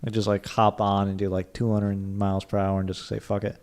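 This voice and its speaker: A man's voice: on the low side, little pitch movement, fairly quick, a little mellow. A man co-hosting a car podcast in casual chat, rambling with lots of fillers. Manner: rambling, lots of "like", puts on silly accents. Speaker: podcast co-host.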